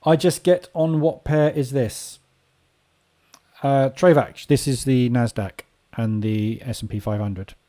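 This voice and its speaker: Casual male host, dark mellow tone, muses aloud over live charts. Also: medium pitch, fairly even intonation, slow pace. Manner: casual, thinking aloud while watching charts. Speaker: trading room host. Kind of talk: live market commentary.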